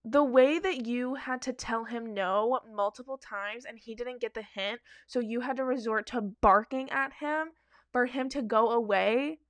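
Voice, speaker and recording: A woman's voice: on the high side, measured pace, no room sound. A woman giving casual, blunt reaction commentary on advice-forum stories, emphatic and profane.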